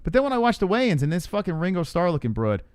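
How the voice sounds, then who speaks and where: Animated, lively-voiced male podcast host. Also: high voice, rapid-fire, smooth, dry recording. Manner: animated, swears often, mocks critics. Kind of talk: casual podcast chat.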